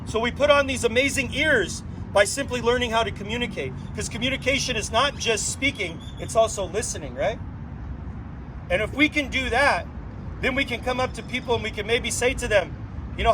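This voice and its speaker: A man with a strikingly high voice addresses a circle gathered outdoors, speaking in an inspirational, playful way and dotting his talk with rhetorical questions. Faint noise sits behind him. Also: fairly quick. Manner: asks frequent rhetorical questions; playful and animated storytelling. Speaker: drum circle leader.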